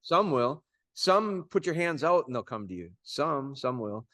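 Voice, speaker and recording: A man coaching dog owners over a video call in a relaxed, folksy way, often restarting his sentences. His voice sits at an ordinary male pitch, and the sound is dry and close. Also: dry recording. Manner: folksy, informal, talks in quick restarts. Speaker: dog trainer coaching clients.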